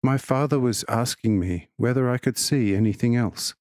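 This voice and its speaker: A man of middle pitch reading a religious text as an audiobook, steady and measured from line to line. The sound is dry and close, with no room echo at all. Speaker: audiobook reader.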